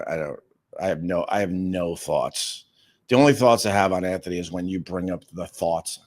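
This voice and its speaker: A man's voice: medium pitch, vocal fry. A middle-aged man hosting a casual livestream, reading viewer comments and rambling with repeated words. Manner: rambling, repeats words, sudden loud jumps. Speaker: radio host and livestreamer.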